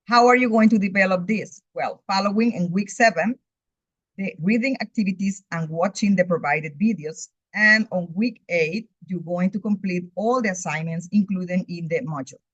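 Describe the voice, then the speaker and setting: In a dull, dry lo-fi recording with no echo, a woman reads a course outline methodically as a recorded overview. She teaches English, her first language is Spanish, and her voice is medium-pitched at normal speed.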